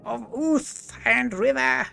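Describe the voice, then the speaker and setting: A man voicing a tiny, threatening goblin queen with a shrill, gravelly voice and a contemptuous, imperious manner. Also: slow pace, pushed and bright, faint music behind, full character voice. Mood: haughty. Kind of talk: video game dialogue read aloud.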